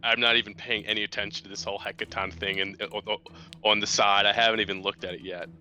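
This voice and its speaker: Blunt guy player, low voice but super bright, just gets on with it. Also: flat delivery, fast talker. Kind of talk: casual tabletop gaming chat.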